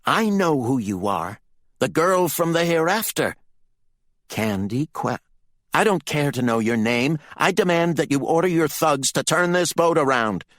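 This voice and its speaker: A man voicing a fierce young man with mottled skin, in an audiobook, speaking in angry, demanding shouts. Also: fairly low pitch, takes it slowly, hardly any pauses, dry recording, pitched above the performer's own voice. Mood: furious, demanding.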